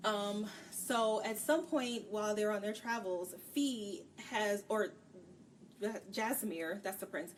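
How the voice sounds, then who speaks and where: A woman co-hosting a book review show, ranting frankly about a novel in loose, casual chat. Her voice sits at an ordinary middle pitch. It comes from a mic set some way off, with a faint hiss behind it. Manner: candid, ranting, acts out characters' lines in quick bits. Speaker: book review podcast co-host. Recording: distant mic with faint background noise.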